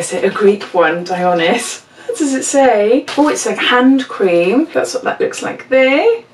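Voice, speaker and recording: A woman's voice: a little high, far from the mic, a little hiss or hum. A woman in her forties, a beauty vlogger chatting casually while unboxing, gushing and exclamatory with frequent laughs. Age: 40s. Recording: echoey room, mic set back.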